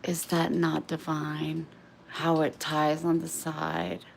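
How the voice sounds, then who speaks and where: Deep-voiced and slow, this woman delivers her vlog in a completely flat tone with vocal fry. She meanders through candid talk about herself, cutting herself off and restarting, in an echoey room with faint ambience plus a little hiss or hum.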